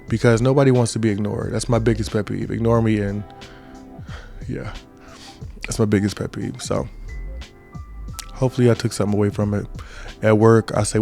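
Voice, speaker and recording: A man's voice: lowish voice, creaky, darkish tone. A man in his twenties giving a casual motivational talk as a podcast host, often checking in with "right?". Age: 20s. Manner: conversational, repeats "right?" often.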